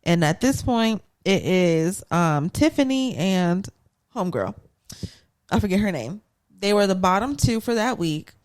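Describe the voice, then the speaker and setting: A woman's voice: mid-range voice, lively intonation, measured pace, a little mellow. A woman, telling the story of a reality show episode to her co-hosts. She talks in a loose, chatty way, slips into playful voices for the people she quotes, and keeps the story moving with asides. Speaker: podcast co-host. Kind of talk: casual recap storytelling.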